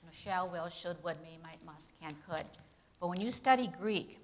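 At a Bible institute, a woman with a lowish voice gives an English grammar lesson at a moderate pace, with slight background noise. She asks her students questions, answers them herself using tag questions, and reads example sentences with clear emphasis.

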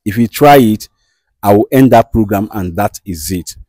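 A man with a Nigerian accent acting as a show host who calmly mediates a dispute and questions firmly. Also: lowish voice, moderate pace, no echo. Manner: soothing, repeats "calm down", firm questioning. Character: male show host, calm and commanding mediator. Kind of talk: comedy skit acting.

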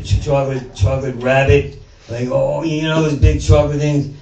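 Delivering a flat, creaky, somewhat dark medium-pitched voice at a moderate pace with few pauses, a comedian rambles on stage, swearing and stammering as his thoughts jump around. He performs to an audience in a small venue. The recording is roomy, with faint noise and a distant mic.

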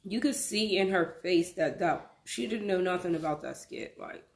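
A woman's voice: lowish voice, moderate pace, vocal fry. A woman giving a casual, emphatic reaction commentary to her viewers, often repeating words for stress. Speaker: reaction vlogger.

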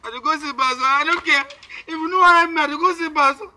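A man's voice: quick pace, pushed and bright, heavily acted. An actor playing a desperate young village man who begs over and over for his money, speaking Nigerian Pidgin. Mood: stubborn. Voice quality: high, pleading, insistent. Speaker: Tio, a young man from Gboko. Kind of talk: Nollywood film acting.

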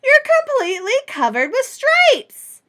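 A woman's voice: expressive, slow pace. A woman voicing a fretting, alarmed mother who exclaims and gives orders. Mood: alarmed, bossy. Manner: shrill and exclaiming.

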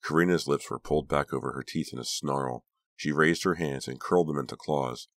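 A man narrating an audiobook in a steady, dramatic reading voice. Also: extremely low pitch, a little fast, no room sound, clean studio sound. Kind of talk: scripted narration.

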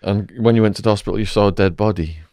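Casual: podcast host guy, lowish voice, quick questions, dry. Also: darkish tone, no echo. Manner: brief prompting questions. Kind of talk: interview questions.

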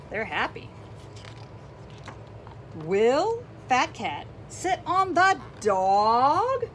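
A woman reading a children's picture book aloud, animated and exclaiming, asking her young listeners questions. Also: a little high, slow, slight background noise. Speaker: children's storybook reader.

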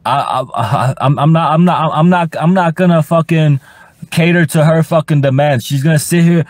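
A young man ranting on a livestream, profane and rambling, stuttering and repeating himself, sometimes breaking into high-pitched shouts. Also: normal speed, no echo. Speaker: livestream host. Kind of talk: casual livestream rant.

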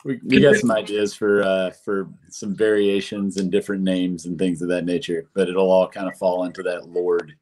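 A man's voice: low voice, fairly even intonation, normal speed, few pauses, darkish tone. A man, a brewery co-founder, talking casually as a guest, rambling with many fillers and restarts. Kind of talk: casual chat.

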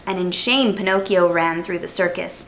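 A woman storyteller reading a children's picture book aloud in an expressive way. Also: on the low side, normal speed, slight background noise. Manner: expressive, animated.

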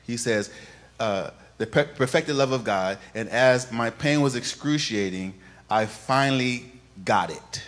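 A male pastor preaching a sermon, moving from quiet, conversational telling to loud, sing-song preaching and calling on the congregation to repeat after him. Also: medium pitch, a little slow. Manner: calls on the congregation to repeat phrases.

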